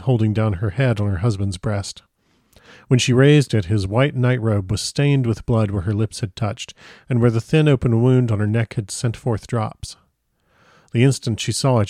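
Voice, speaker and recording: Low dark-voiced man reading a novel. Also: no echo, clean studio sound. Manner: unhurried dramatic reading, stumbles and comments aside. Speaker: audiobook reader.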